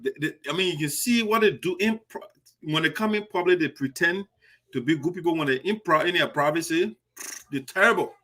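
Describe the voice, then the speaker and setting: A man hosts a radio show, delivering indignant, emphatic political commentary. His voice sits high and sounds bright and forceful, and he often restarts his sentences. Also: brisk. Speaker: host of a diaspora radio show.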